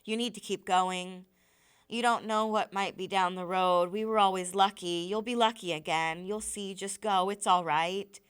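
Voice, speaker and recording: A woman's voice: mid-range voice, fairly even intonation, moderate pace, smooth, close to an everyday voice. A woman reading as a weary dying father. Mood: urging. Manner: quiet, reassuring. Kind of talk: reading a novel aloud.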